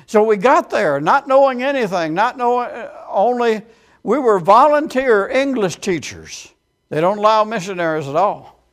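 A man's voice: high voice, expressive, normal speed, a bit bright. A man preaching a sermon as a storytelling testimony, with frequent amens and quoted voices acted out.

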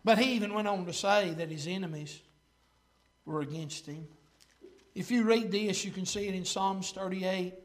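High-voiced preacher man. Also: normal speed. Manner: folksy storytelling, rising to fervent shouting. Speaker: pastor. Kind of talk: sermon.

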